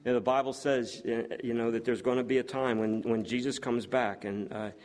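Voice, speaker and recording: A man preaching a sermon, earnest and building to excited exclamations, with frequent fillers and restarts. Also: medium pitch, a little fast.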